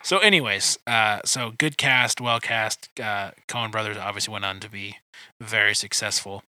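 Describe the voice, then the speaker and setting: A man hosting a casual movie review chat, talking in quick asides with lots of fillers. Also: fairly low pitch, sharp tone, no room sound. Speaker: podcast host.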